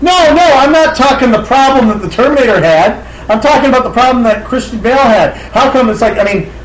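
A man in casual movie-talk banter who swears a lot and breaks into loud, excited outbursts. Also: extremely high pitch, brisk, roomy sound, rough recording.

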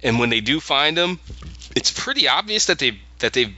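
A man's voice: mid-range voice, very animated, normal speed, pushed and bright, no echo, lo-fi sound. A man co-hosting a podcast, recapping a story in a casual, rambling way with many restarts. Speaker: podcast co-host.

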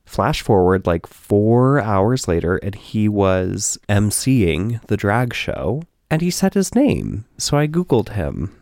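A young man co-hosting a podcast, telling a story in a casual, animated way. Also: on the low side, slow pace, few pauses, no room sound, clean studio sound. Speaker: podcast co-host.

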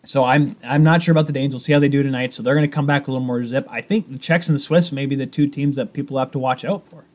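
A man's voice: mid-range voice, fairly even intonation, fast talker, hardly any pauses. A man co-hosting a podcast, rambling in casual chat with restarts and self-corrections. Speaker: podcast co-host.

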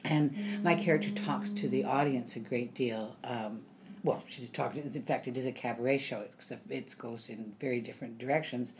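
A woman's voice: extremely low pitch, steady tone, moderate pace, noisy background. A woman actor chatting as an interview guest, telling stories with many ums and acting out what people said. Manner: chatty storyteller with frequent ums, acts out quotes. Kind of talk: casual interview chat.

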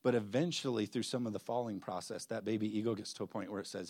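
A man's voice: fairly low pitch, quick pace, hardly any pauses, a little mellow, no echo. A man, a pastor, introducing a guest preacher at his church, telling a story with quoted voices and laughs. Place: church sanctuary.

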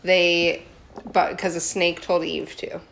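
A woman's voice: lowish voice, level tone, slow pace, creaky, a bit bright, a little hiss or hum. A woman in casual comedic chat, irreverently retelling a story with silly voices and frequent laughter.

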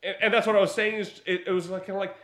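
A man co-hosting a casual chat, telling a movie story with lots of laughter and quick character impressions. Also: high-pitched, reverberant. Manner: animated storytelling, mimics characters, laughs often. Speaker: podcast co-host reviewing a movie.

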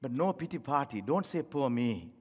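A man's voice: medium pitch, very animated, normal speed, a little mellow, breathy edge, dull audio. A man preaching a sermon as pastor to his church, pleading with the congregation and repeating phrases for emphasis. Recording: long reverb of a large hall.

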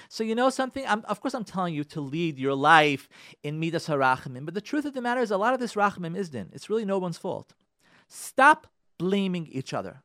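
A man's voice: sits high, fairly bright tone, dry recording. Emphatic middle-aged man, dry close sound. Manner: emphatic, repeats phrases for emphasis, addresses listeners directly. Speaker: radio show host. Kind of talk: inspirational religious talk.

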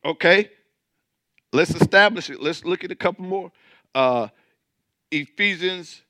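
A man's voice: high-pitched, measured pace, sharp tone, no echo. A man preaching as pastor, building intensity, with mocking asides about churchgoers. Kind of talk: sermon.

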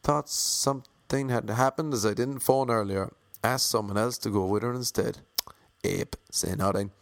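An Irish man from Ireland narrating a comic travel story with wry, deadpan asides. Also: mid-range voice, moderate pace, no room sound, studio quality.

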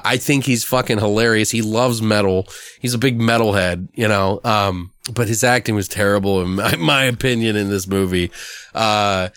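A man's voice: on the low side, fairly bright tone, clear, resonant tone, dry recording. A man hosting a podcast, chatting casually about a movie, swearing freely and acting out lines. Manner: profane, laughs often, acts out quotes. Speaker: podcast host.

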